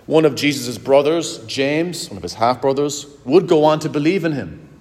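A pastor preaching a sermon to his congregation, earnest and direct, slowing down to stress key words. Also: a little high, expressive, darkish tone. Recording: long hall reverb.

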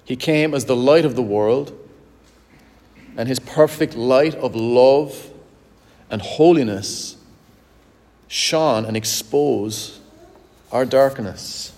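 A pastor preaching a sermon to his congregation, earnest and direct, slowing down to stress key words. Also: medium pitch, darkish tone. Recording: long hall reverb.

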